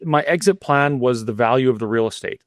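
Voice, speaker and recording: A man's voice: mid-range voice, animated, fairly quick, dry recording, clean studio sound. A middle-aged man from Alberta, a guest cafe owner, telling his story candidly and earnestly with frequent restarts. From Alberta, Canada. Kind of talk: interview storytelling.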